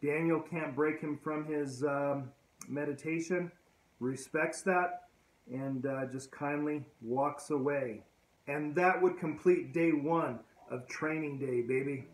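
Slow-talking man retelling a movie. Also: on the high side, fairly even intonation, faint music behind. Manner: unhurried, with frequent "uh" pauses. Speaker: vlog host. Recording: roomy echo.

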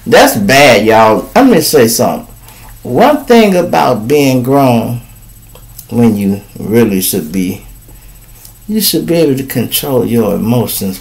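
A man's voice: mid-range voice, a little mellow, poor audio. A man from Chicago hosting a podcast, giving casual, profane commentary and acting out quoted people in raised voices. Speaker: podcast host.

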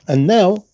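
A man's voice: high voice, mellow, highs cut off. A man giving a religious lecture in non-native English, earnest and emphatic, repeating his key phrases. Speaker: Islamic lecturer.

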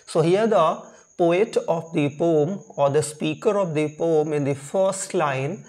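Slow-paced male literature teacher, repetitive. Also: a little high, darkish tone. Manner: repetitive, restarts phrases and spells out terms letter by letter. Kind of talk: lecture explaining a poem.

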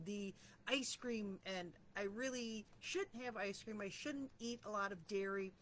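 Middle-aged woman chatting candidly to camera, mid pitch, bit of background hiss. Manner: chatty, candid, self-deprecating. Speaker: vlogger. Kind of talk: casual personal reflection.

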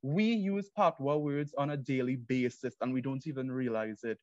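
A man's voice: mid-range voice, normal speed, a little mellow, dry recording, dull audio. A young man from Trinidad and Tobago with a Trinidadian accent, giving an earnest, explanatory student presentation. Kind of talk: academic presentation.

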